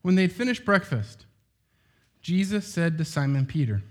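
A man's voice: fairly high pitch, sing-song, normal speed. A middle-aged man preaching a sermon in a loose, conversational way, full of asides and rhetorical questions.

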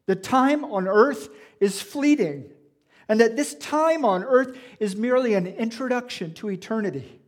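High-voiced pastor preaching earnestly. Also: male voice. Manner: earnest, reflective preaching with rhetorical questions. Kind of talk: sermon. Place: church.

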